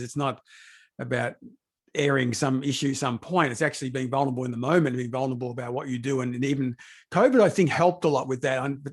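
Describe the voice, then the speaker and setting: A man hosting a podcast interview, talking in a loose, rambling way. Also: mid-range voice. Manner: rambling with fillers and restarts. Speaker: podcast host. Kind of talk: conversational interview.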